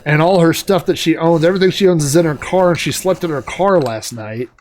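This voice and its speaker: A middle-aged man with a slightly high voice chats through a long anecdote while gaming. His delivery is loose and rambling, full of fillers and asides. It sounds like a relaxed host talking over gameplay. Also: fairly quick. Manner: rambling, chatty, with many fillers and laughs. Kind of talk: casual anecdote while playing a game.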